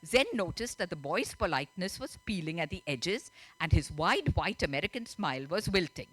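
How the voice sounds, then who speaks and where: A woman's voice: lowish voice, very animated, normal speed, a bit bright, slightly rough. A woman author, chatty and laughing often as she tells and reads her story at a festival. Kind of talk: reading aloud and storytelling at a literature festival. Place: festival stage.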